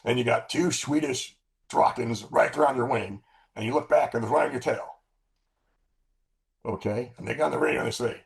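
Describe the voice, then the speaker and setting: A man's voice: mid-range voice, moderate pace, gravelly, pauses often. A man in his sixties, a former military pilot, telling stories casually in an interview, with many restarts and blunt, profane language. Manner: relaxed anecdotes with frequent restarts and profanity. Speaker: former fighter-bomber pilot, guest.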